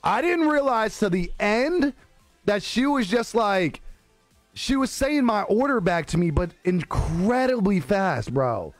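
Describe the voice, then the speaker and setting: A man live streaming, telling a story in casual chat, animated and laughing often, acting out the voices he quotes. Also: sits high, unhurried, dry recording, soft background music.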